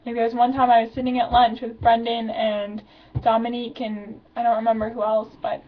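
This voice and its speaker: A woman's voice: on the high side, level tone, a little fast, narrow, tinny audio. A stressed teenage girl, venting in a rambling video diary, full of filler words. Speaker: vlogger.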